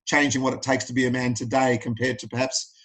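A man's voice: mid-range voice, flat delivery, fast, a bit bright, poor audio. A middle-aged Australian man speaking as a podcast guest, telling personal stories in an earnest, plain-spoken way. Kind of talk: candid interview talk.

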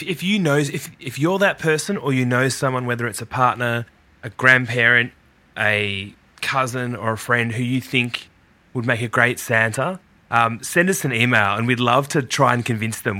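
A man hosting a casual podcast chat in a relaxed way, faster when excited. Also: medium pitch. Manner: relaxed, slow when calm, speeds up when excited. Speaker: podcast host.

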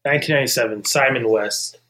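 Casual male podcast co-host, mid-pitched, rambling and laughing. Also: fast, bright, forceful tone. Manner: laughs often, rambling tangents. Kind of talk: casual movie podcast chat.

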